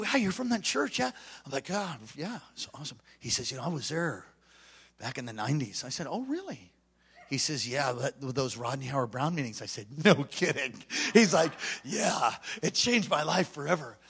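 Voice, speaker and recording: Male pastor, high and bright, animated revival preacher with hushed asides and shouted peaks. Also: moderate pace, husky. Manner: swings from hushed storytelling to shouted exhortation. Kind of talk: revival sermon storytelling. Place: church sanctuary.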